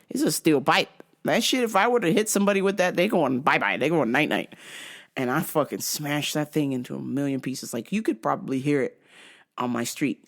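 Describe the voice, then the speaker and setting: A young adult woman telling a comic story as a vlogger, swearing freely and breaking into shrieking laughter. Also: sits low. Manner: profane, animated, bursts into shrieking laughter. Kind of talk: comedic storytelling rant.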